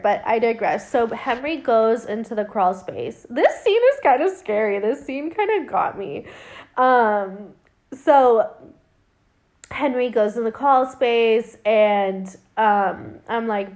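A woman's voice: fairly high pitch, expressive, measured pace, darkish tone. A woman recapping a film in casual chat, rambling with lots of fillers and swearing, her voice worn and her throat dry. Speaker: podcast host recapping a film.

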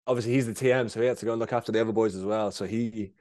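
A man's voice: lowish voice, fairly even intonation, very fast, darkish tone, no room sound, clean studio sound. A young man in casual chat, telling a long injury story with lots of fillers and swearing. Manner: rambling storyteller, swears a lot, many fillers. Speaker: guest, BMX rider.

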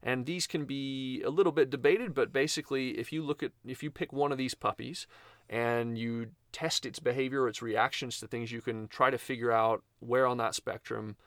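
A man co-hosting a casual talk as a veterinarian, giving relaxed, explanatory advice. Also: mid-range voice, moderate pace, dry recording, clean studio sound. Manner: explanatory, relaxed, laughs easily. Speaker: veterinarian co-host.

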